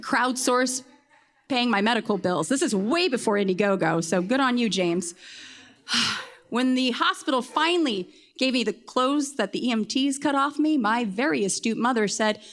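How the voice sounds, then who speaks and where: A woman telling a personal story on stage, wry and self-deprecating, landing deadpan punchlines. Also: on the high side. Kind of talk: comedic live storytelling.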